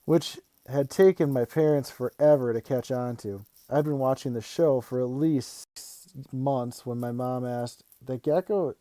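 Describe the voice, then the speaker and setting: Mellow man reading a children's story. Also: medium pitch, a little slow, few pauses, no echo. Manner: even, expressive storytelling. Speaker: read-aloud host. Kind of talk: reading a children's novel aloud.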